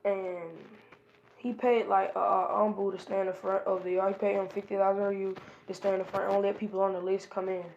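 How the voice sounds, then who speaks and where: A woman's voice: medium pitch, little pitch movement, normal speed, darkish tone, muffled recording, a little hiss or hum. A woman casually retelling an improvised fan story, rambling from event to event with lots of hesitation fillers. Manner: rambling, strings events with "and then he was like".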